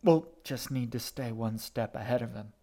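A man's voice: medium pitch, moderate pace, mellow, lightly acted. Mild, level-headed big brother in a storybook, read by a male narrator, close to his own voice. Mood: calm. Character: calm protective older brother. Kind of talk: audiobook character voice.

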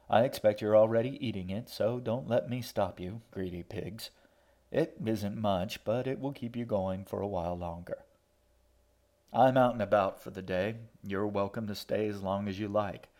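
A man's voice: fairly low pitch, a little mellow. A man reading as a sardonic shaggy letter-writer. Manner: sardonic, mock-polite, darkly joking. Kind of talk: audiobook narration.

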